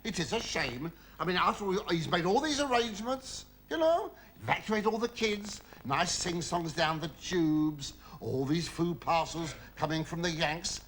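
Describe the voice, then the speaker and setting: A man's voice: high voice, lively intonation, normal speed, hardly any pauses, a bit bright. An actor playing a cheeky army batman full of innuendo, chatty and fawning toward his colonel. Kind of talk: British sitcom acting. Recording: noisy recording with hiss.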